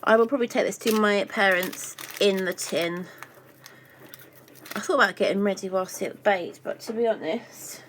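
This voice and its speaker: A woman's voice: medium pitch, moderate pace, slight background noise, rough recording. Chatty woman baking at home. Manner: chatty, playful, makes up silly rhyming words. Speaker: baking vlogger. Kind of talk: casual chat while baking. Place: home kitchen.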